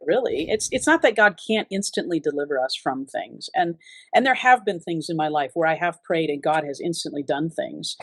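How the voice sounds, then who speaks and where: A woman's voice: low voice, expressive, normal speed, dry recording. A woman giving an earnest, reflective personal testimony in an interview, often restarting her sentences. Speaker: interview guest.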